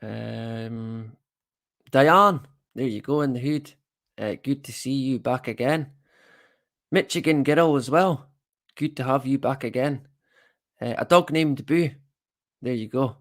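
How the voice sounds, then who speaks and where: A man's voice: mid-range voice, slow, pauses often, fairly bright tone. A Scottish man hosting a livestream, chatting casually to viewers with self-deprecating, rambling asides. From Scotland. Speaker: livestream host.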